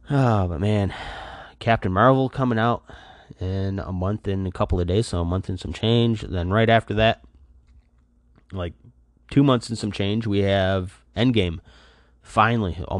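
Tired, low-voiced man rambling on a podcast. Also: dry recording, studio quality. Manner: rambling, loose, filler-heavy. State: tired, worn out. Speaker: podcast host. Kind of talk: casual solo podcast rambling. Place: apartment.

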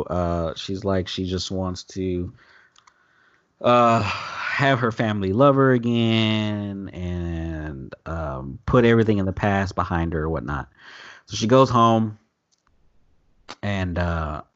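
A man's voice: sits low, slow, dry recording, muffled recording. A man recapping a TV episode in loose, profane casual chat. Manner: loose, profane, animated retelling with quoted voices. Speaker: podcast host recapping an episode.

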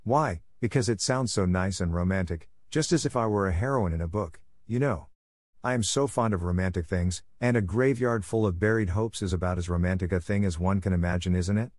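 A man's voice: fairly low pitch, fairly quick, darkish tone, dry recording, clean studio sound, natural voice. A man reading the part of an eager, dreamy eleven-year-old orphan girl in an audiobook, in a gushing way.

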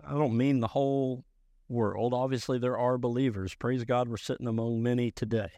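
A man preaching a sermon as pastor, emphatic and rising to loud bursts. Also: mid-range voice, no room sound, clean studio sound.

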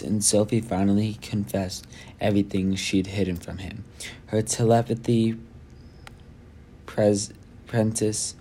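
Reading a chapter of a novel for a homemade audiobook, this man has a fairly low, dark voice and keeps stumbling, starting lines over, and adding personal comments. There's slight background noise.

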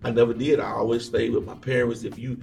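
A man, an evangelist guest on an interview show, tells stories from his life in a relaxed way and acts out the voices of the people he quotes. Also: medium pitch, fast, creaky, distant mic. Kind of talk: casual interview storytelling. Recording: echoey room, off-mic, faint music.

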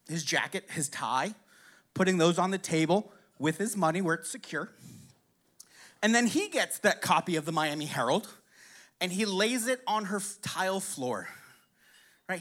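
A man's voice: high-pitched, sharp tone. A man casually telling a crude, rambling story to a live audience, constantly checking in with his listeners and chuckling between lines.

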